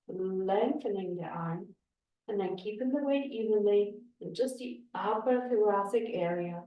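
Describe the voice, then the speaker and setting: Woman yoga teacher talking thru a class real slow and calm, lots of echo, sounds far from the mic. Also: medium pitch. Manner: slow, calm spoken cues. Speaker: yoga instructor. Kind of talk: guided yoga class instruction. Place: yoga studio. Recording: echoey room, voice from afar.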